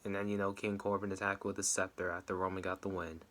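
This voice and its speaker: A young man talking casually as he recaps and reacts to a wrestling show, now and then breaking into a high, wailing mock-cry. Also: flat delivery, fast talker, hardly any pauses, fairly bright tone.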